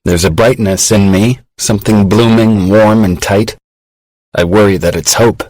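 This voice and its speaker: A man narrating an audiobook in a measured, reflective way, recorded on a close studio mic. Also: fairly low pitch, steady tone, darkish tone, poor audio. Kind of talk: scripted narration.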